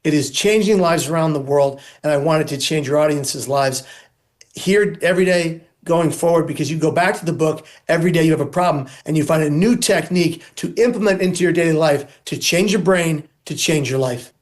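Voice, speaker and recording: A man's voice: a little high, brisk. A man speaking as an interview guest on suicide prevention, earnest and emphatic, stacking points into insistent lists.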